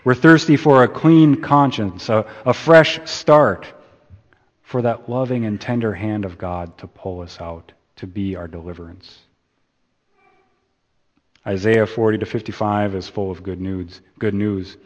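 Slow, low-voiced preacher in a hall. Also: male voice. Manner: slow, deliberate preaching with rising emphasis and soft endings. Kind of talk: sermon. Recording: dull sound in a reverberant hall.

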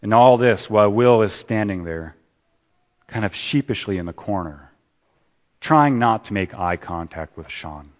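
A man preaching a sermon. He swings from loud emphasis down to hushed, repeated words. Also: lowish voice, animated, a little slow, muffled recording. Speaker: pastor. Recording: long hall reverb.

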